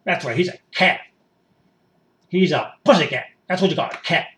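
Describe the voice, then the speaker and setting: A man playing an excitable, folksy rural rioter who rambles and boasts as a guest in a satirical mock interview. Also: a little high, normal speed, recorded from a distance, close to an everyday voice. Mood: fired up.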